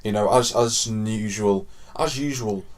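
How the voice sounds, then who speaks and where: A man co-hosting a podcast, chatting casually with an animated, jokey, rambling delivery. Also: on the low side, measured pace. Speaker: podcast co-host. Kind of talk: casual chat.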